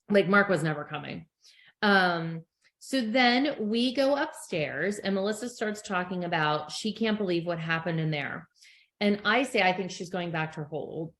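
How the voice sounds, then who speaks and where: A middle-aged woman co-hosting a podcast in casual chat, telling stories and acting out quotes with frequent laughs. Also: on the low side. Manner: chatty storyteller acting out quotes, laughs often. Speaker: podcast co-host. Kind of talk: casual chat recapping a reality show.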